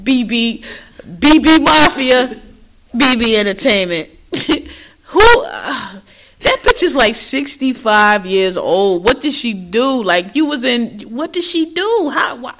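A woman co-hosting a podcast, recapping a show in loud, laughing, profane gossip. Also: fairly high pitch, sing-song, slow pace, a little hiss or hum. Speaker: podcast co-host. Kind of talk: casual recap chat.

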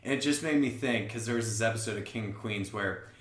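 A man's voice: fairly low pitch, fast, a bit bright, echoey room. A man co-hosting a podcast, telling rambling stories in casual chat, swearing and acting out other people's voices. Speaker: podcast co-host.

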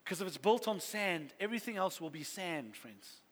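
A pastor with a high voice and lively intonation preaches at a moderate pace, his earnest sermon building toward fervent exhortation. The church hall gives the recording a long reverb.

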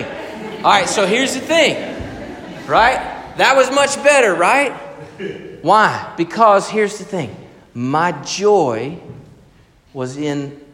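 A man preaching a sermon in an animated, conversational storytelling way. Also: on the high side. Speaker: pastor. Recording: echoey hall with long reverb.

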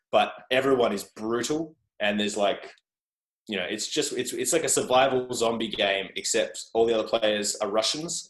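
A man's voice: on the low side, a bit bright. Rambling Australian man, roomy sound. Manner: rambling, self-deprecating, jokey. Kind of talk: casual interview chat. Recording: roomy echo.

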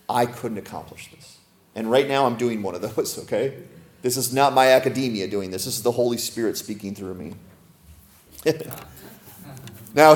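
A male pastor giving a sermon in a conversational style, asking the congregation questions, slowing down and softening to read scripture, and joking with laughter in between. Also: medium pitch. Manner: slows and softens when reading scripture aloud.

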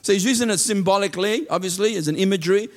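A man preaching a sermon, reading Bible verses slowly and then explaining them in an earnest way, often repeating and restarting his words. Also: high-pitched. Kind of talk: sermon teaching from scripture.

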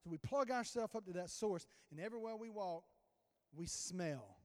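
A man preaching a sermon as a pastor, telling a story with sudden swings in loudness. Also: high voice, animated, normal speed. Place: church sanctuary. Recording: long church reverb.

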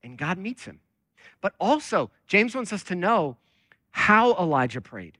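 A man's voice: high voice, sing-song, unhurried, bright, forceful tone, no echo. A man preaching a conversational sermon as lead pastor, talking with many fillers.

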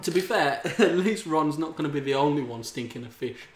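Lively co-host trading jokes. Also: mid-range voice, roomy sound. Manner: dry jokes, quick laughs. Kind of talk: casual comedic banter.

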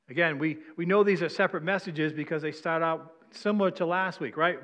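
A man's voice: on the high side, fairly quick, few pauses, a bit bright, dull audio. A man preaching a sermon as pastor, talking conversationally and asking the congregation questions. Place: church sanctuary. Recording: long hall reverb.

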